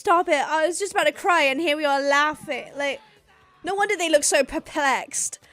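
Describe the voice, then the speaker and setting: A woman's voice: high-pitched, moderate pace, a bit bright, faint music behind. A woman hosting a reaction video, exclaiming, gasping and laughing as she watches. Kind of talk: excited reaction commentary.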